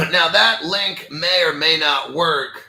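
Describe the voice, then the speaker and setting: A man's voice: fairly high pitch, lively intonation, takes it slowly, gravelly, sharp tone. A man hosting a crypto channel, rambling in a profane, conspiratorial way and talking back to himself while sharing his screen. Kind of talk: rambling screen-share commentary. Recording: echoey room.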